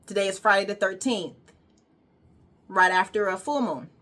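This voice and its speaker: A woman's voice: mid-range voice, a little fast, fairly bright tone. A woman wellness coach giving an emphatic, repetitive motivational monologue with casual swearing.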